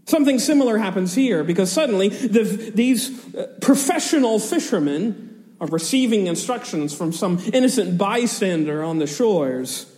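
Man preacher, high voice with a long hall reverb, animated storyteller with chuckling asides, walks through scripture verse by verse. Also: unhurried. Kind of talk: expository sermon on scripture.

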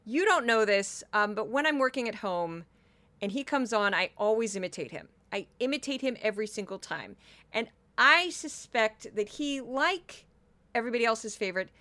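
A woman hosting her own podcast, chatting loudly and fast, and she calls herself loud and talkative. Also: medium pitch, animated, dry recording. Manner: loud, fast, chatty, self-described obnoxious. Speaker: podcast host. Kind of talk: solo commentary podcast.

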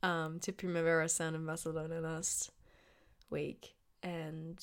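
A young woman hosting her podcast in casual, unedited talk, her voice hoarse and a bit raspy, chatty with many fillers and restarts. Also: deep voice, flat delivery, a little slow. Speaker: podcast host.

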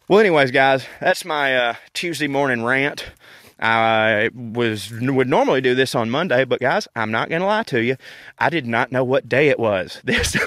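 A man rants casually while walking in a park. His mid-pitched voice is profane and wry, animated with laughter between points. The sound is dry and close. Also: dry recording. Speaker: podcast host.

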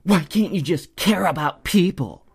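A man putting on an indignant young man in his late twenties, pitched a little above his own voice. He sounds accusing and self-righteous, in a spoken storytelling monologue. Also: lively intonation, unhurried, creaky, breathy edge, exaggerated voice.

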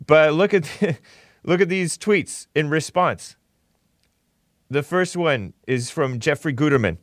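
A man's voice: fairly high pitch, takes it slowly, dry recording, studio quality. A man hosting a talk show, giving opinionated commentary with a mocking tone and frequent chuckles. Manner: mocking, chuckles often while reading posts.

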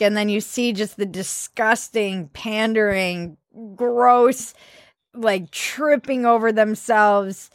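A woman's voice: medium pitch, steady tone, slow, no echo, studio quality. A woman co-hosting a comedy podcast, talking in a sarcastic, exasperated way with plenty of swearing. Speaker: podcast co-host. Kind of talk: casual comedic chat.

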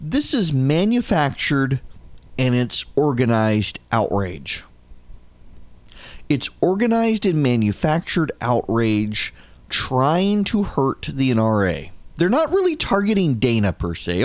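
Male radio host, animated and a bit high-pitched, dry studio read. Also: dry recording. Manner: animated, reads headlines aloud and argues back. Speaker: radio talk show host. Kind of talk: talk radio commentary.

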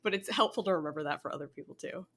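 A woman's voice: deep voice, rapid-fire, a bit bright. A woman in casual podcast conversation, laid-back and agreeable, often laughing along.

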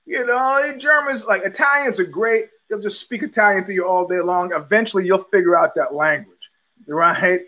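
Older guy hosting a podcast, fairly high voice, rambles, says uh a lot, acts out the people in his stories. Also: normal speed, low-quality recording. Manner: rambling, many restarts and fillers, animated quoting. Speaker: podcast host. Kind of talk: casual storytelling monologue.

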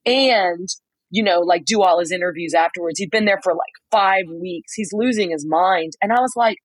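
Woman podcaster, husky lowish voice, chatty storytelling, dry close sound. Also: moderate pace, no echo, rough recording. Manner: animated storyteller, many "like"s, acts out quotes. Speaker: podcast co-host reporting from a trial. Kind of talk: casual storytelling chat. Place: motel room.

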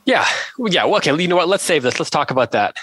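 A man's voice: fairly high pitch, fast talker, breathy edge, no echo. A man hosting a book podcast, talking casually and chattily with frequent restarts. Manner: relaxed, chatty, rambling with restarts. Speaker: podcast host.

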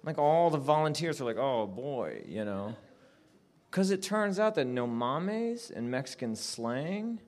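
A man, a comedian, telling stand-up stories on a live show, full of "like" fillers and quick asides. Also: mid-range voice. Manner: animated, says "like" constantly. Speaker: comedian guest.

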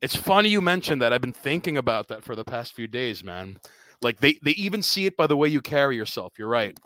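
Animated, profane American man on a dry mic. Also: mid-range voice, a little fast, no echo. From United States. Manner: animated storyteller, profane, many fillers. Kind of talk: casual conversation.

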